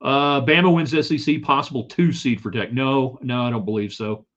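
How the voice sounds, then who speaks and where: A man hosts a live sports talk show, casually chatting and joking while reading viewer comments from the chat. His mid-range voice is a bit bright and moderately paced, and the lo-fi recording sounds slightly dull.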